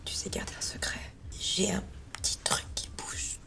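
Actress as a young woman confiding in a high, bright, breathy whisper. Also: moderate pace, close to an everyday voice. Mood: hushed.

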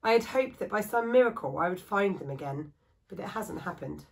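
Female reader voicing a polite earnest young widow, gentle and sincere. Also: mid-range voice, lively intonation, fairly quick, creaky.

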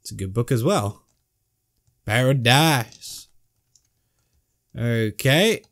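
Slow-talking gamer musing aloud. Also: male voice, medium pitch, expressive, fairly bright tone. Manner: slow, musing, swears casually. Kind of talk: let's play commentary.

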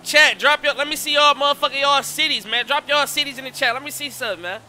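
A man streaming live, chatting casually and excitedly, shouting out his viewers in heavy slang. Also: very high-pitched, quick pace, a little hiss or hum.

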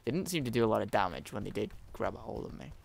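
A man's voice: fairly low pitch, expressive, fast talker, vocal fry. A young man giving jumpy, jokey let's-play commentary, often swearing as he plays. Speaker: gaming YouTuber.

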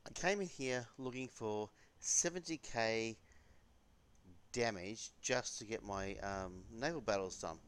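A man giving casual, chatty gameplay commentary with bursts of excitement. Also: lowish voice, measured pace. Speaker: gaming channel host. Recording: game noise in the background.

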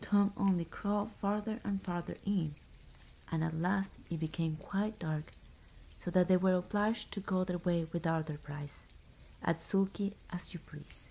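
A woman reading a fairy tale aloud as a whispered ASMR bedtime story, soft and hushed. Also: on the low side, fairly even intonation, unhurried, gravelly, low-quality recording.

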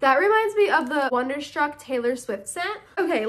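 Bubbly high-voiced young woman vlogger. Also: moderate pace. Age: young adult. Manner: bubbly and excitable, gushing with thanks. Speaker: YouTuber opening fan mail. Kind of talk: casual chat to camera.

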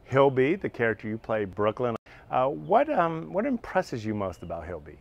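A man's voice: medium pitch, big pitch swings, moderate pace, vocal fry, lo-fi sound. A man hosting an interview, upbeat and enthusiastic toward his guests. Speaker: interview host.

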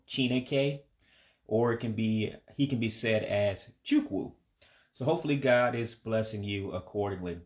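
An American man in his forties giving a casual spoken language lesson, with a relaxed and hesitant delivery that is full of fillers, repeating words slowly for practice. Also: fairly low pitch. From United States. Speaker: language learner teaching vocabulary.

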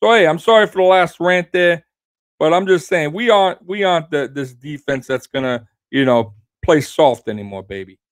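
A man hosting his own sports prediction show, brash and trash-talking, swinging between loud hype and low growly asides and tagging lines with "baby". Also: normal speed, no echo, studio quality. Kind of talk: fan score prediction rant.

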